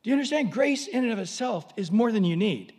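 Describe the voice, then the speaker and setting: Male preacher, higher pitch, animated storyteller, long reverb of a hall. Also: quick pace. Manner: animated storytelling, dramatic pitch swings, humorous asides. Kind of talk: sermon.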